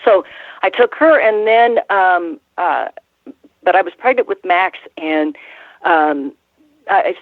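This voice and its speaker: This woman in her sixties speaks slowly and expressively in a fairly low voice, leaving long pauses. A former wrestling ring announcer, she's an interview guest telling rambling stories with many restarts and laughs, heard through a tinny, dry phone call.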